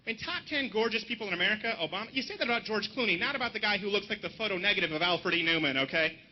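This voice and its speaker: Man, stand-up comedian, high-pitched, animated, punchy mocking delivery, dull lo-fi live recording. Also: racing, a little hiss or hum. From Canada. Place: outdoor rally stage.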